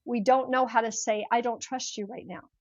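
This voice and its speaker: Older woman, animated storyteller. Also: fairly high pitch, normal speed, no echo, dull audio. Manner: animated, acts out voices in her stories. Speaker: podcast guest, mindset coach. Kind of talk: storytelling in an interview.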